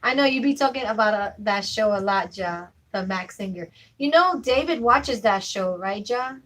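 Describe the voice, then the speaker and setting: A woman's voice: medium pitch, lively intonation, moderate pace, a bit bright, low-quality recording. A young adult woman chatting casually with viewers on a live stream, full of fillers and asides. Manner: chatty, fillers like "you know what I'm saying".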